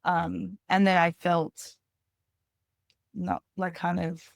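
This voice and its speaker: A woman's voice: on the low side, level tone, slow, vocal fry, dry recording. A woman in her thirties, a podcast guest, telling a personal story candidly in a rambling way with lots of "like".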